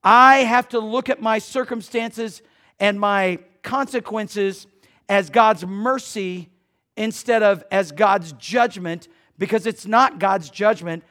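High-voiced preacher man, loud then hushed. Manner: conversational preaching, jokes with the congregation, swings from loud to hushed. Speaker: pastor. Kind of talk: sermon.

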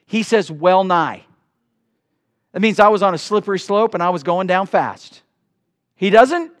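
A middle-aged male pastor preaching a sermon in a church, swinging between loud bursts and hushed asides. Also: sits high. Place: church sanctuary.

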